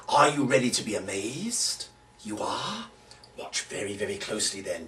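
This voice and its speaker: A man's voice: lowish voice, very animated, unhurried, pushed and bright, far from the mic. A British man, a magician, explaining a trick and then performing its showman patter in a theatrical, exclamatory way.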